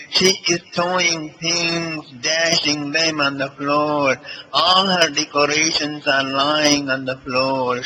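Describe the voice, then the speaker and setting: A man telling a devotional story as a swami, speaking deliberately and addressing his listeners as dear friends. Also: on the high side, sharp tone, slight background noise, low-quality recording.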